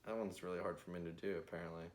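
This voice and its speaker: Low-voiced young man cracking jokes. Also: fairly even intonation. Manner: laughs often, throws in quick jokey interjections. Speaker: podcast co-host. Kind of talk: casual chat.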